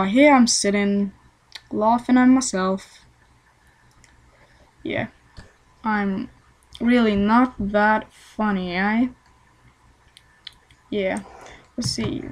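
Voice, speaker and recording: Lady talking slow over her game, kinda high voice, rambly and swears at stuff. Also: darkish tone, rough recording. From Sweden. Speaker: let's play gamer. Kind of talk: casual gameplay commentary.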